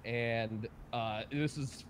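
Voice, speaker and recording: A man's voice: mid-range voice, very slow, a little hiss or hum. A young adult man hosting a livestream, chatting casually and telling profane stories with a lot of energy. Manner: excitable, profane storyteller. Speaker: livestream host. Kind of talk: casual chat.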